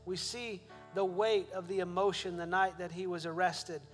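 A male pastor preaching a sermon. He builds to emphatic questions and eases into a soft prayer. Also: high voice, steady tone, moderate pace, big-room sound, faint music behind.

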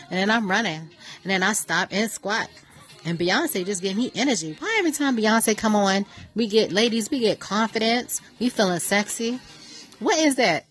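A woman hosting her own radio show, talking casually and joking through a playful, animated story. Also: mid-range voice. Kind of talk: casual chatty monologue. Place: New York.

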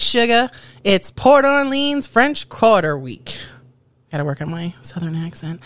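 A woman's voice: mid-range voice, dry recording. A woman co-hosting a podcast in a bubbly, giggly, teasing way. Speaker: podcast co-host. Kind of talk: playful podcast banter.

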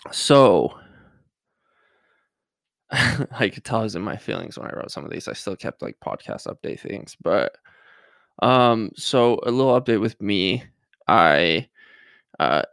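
A young man hosts a solo podcast in a low, gravelly voice, rambling and hesitant with lots of restarts. His pitch swings widely as he slips in self-mocking jokes and sounds a little nervous. The sound is dry and close. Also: fairly bright tone, no room sound. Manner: self-mocking jokey asides. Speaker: podcast host. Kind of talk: casual solo podcast monologue.

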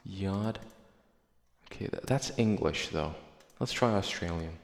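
Deep gravelly man in an echoey room. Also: animated, normal speed. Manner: profane, sarcastic, rambling. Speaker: podcast host. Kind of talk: casual chat reading listener replies. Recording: echoey room with long reverb.

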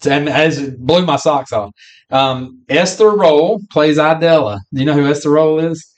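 This co-host's voice is on the high side, and he speaks at normal speed. He discusses a film in relaxed podcast conversation, slipping into some of its lines.

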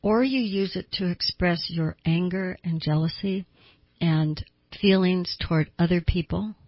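Older woman, therapist host of an advice show, breathy low voice, earnest and questioning, dry muffled studio sound. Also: measured pace, no room sound. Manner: earnest, asks listeners direct questions.

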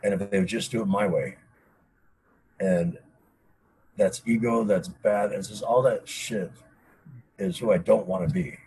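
A man's voice: lowish voice, a little slow, pauses often, a little mellow, husky, low-quality recording. A man speaking candidly as an interview guest, intense and emphatic, swearing freely. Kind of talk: candid personal conversation.

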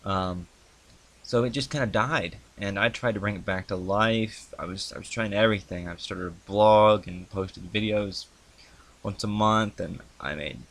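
A young man with a fairly low voice talks through the history of his video series in a loose, rambling way. He hesitates often, piling up ums and false starts as he goes. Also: a bit bright. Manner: halting, many ums and restarts. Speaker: YouTuber recounting his channel's history. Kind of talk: casual rambling monologue. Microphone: handheld mic he adjusts.

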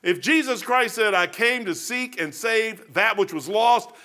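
A male pastor preaches in a bright, forceful voice that sits a little high for a man. He swings between easygoing, folksy storytelling and bursts of fervent preaching. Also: a little slow. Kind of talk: sermon.

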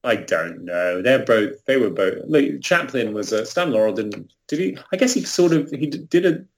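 A man with a British accent, a guest author in a casual interview, self-deprecating and halting, often restarting his sentences. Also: medium pitch, expressive, creaky. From Britain.

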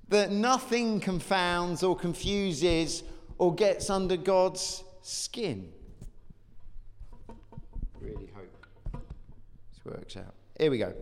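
A man's voice: high voice, big-room sound. A man preaching a sermon. He talks conversationally and acts out the quotes.

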